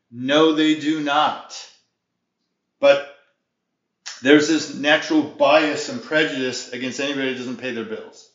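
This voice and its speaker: A man's voice: on the high side, fairly bright tone, echoey room, lo-fi sound. A man giving an informal video lesson on debt defense, emphatic and folksy, often wandering off on tangents.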